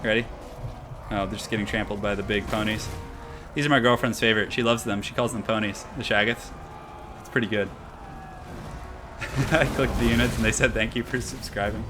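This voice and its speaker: A young man streaming a strategy game, commentating in a chatty, excitable, slangy way, tired and a little out of breath. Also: fairly low pitch, brisk, long pauses, over music. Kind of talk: casual live-stream commentary.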